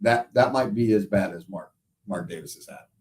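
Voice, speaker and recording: A male show host telling lively stories in casual chat, often tagging lines with "right?". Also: fairly low pitch, moderate pace, far from the mic. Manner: animated storyteller, frequent "right?". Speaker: show host, football analyst.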